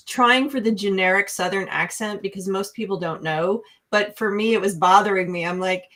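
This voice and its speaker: A woman from New York talking casually on a podcast about movies. She is analytical and opinionated, restarting her sentences as she thinks, and her voice sits at a middle pitch. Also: fairly bright tone. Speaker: podcast co-host, film reviewer. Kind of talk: casual chat.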